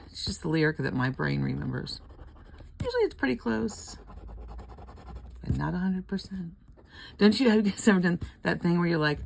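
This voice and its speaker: A woman's voice: low voice, creaky, slight background noise. An older woman chatting casually at home while scratching lottery tickets, rambling, laughing often and murmuring letters half under her breath.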